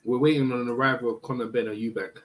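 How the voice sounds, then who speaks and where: Man, casual live-stream chat, slangy, mid-pitched, faint background noise. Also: fairly even intonation, very fast. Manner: chatty, slangy, eats while talking. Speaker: boxing channel host.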